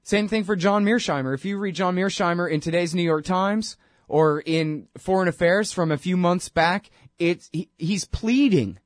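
A man's voice: high-pitched, moderate pace, dry recording, clean studio sound. A man hosting his own talk show, delivering a sarcastic, ranting political monologue full of mocking asides. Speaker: radio show host.

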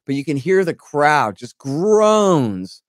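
A man's voice: fairly high pitch, slow, no room sound, studio quality. A man co-hosting a casual political podcast, rambling and sarcastic, acting out mocking quotes as he tells a story. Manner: rambling, sarcastic, animated retelling with mock quotes. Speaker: podcast co-host.

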